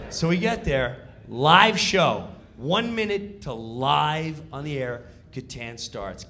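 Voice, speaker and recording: A man telling a comic story on stage in an animated, excitable way. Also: a little high, takes it slowly, few pauses. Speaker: comedian. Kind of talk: stand-up storytelling.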